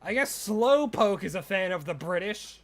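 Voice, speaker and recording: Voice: medium pitch, normal speed. Rambling, jokey game streamer. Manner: rambling and jokey, bursts into excited shouts. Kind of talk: live game stream chatter.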